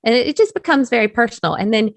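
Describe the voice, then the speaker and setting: A woman with a Southern US accent, a guest chatting in an interview, talking faster with lots of "you know" fillers as she gets excited. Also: on the high side, creaky, dry recording. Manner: chatty, speeds up when excited, many fillers. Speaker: guest, technical curriculum developer. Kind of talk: casual interview talk.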